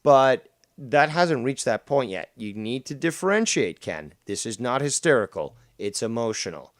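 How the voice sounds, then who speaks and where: Male streamer, mocking and combative, lively swooping delivery, dry close sound. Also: medium pitch, moderate pace, no room sound. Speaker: streamer reacting to a clip. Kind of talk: casual stream commentary.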